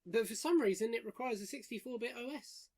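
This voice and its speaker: A man's voice: very high-pitched, brisk, darkish tone. Wry man hosting a games podcast. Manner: rambling and wry, lots of fillers. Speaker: podcast host. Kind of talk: casual gaming news chat. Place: room, friends round a table.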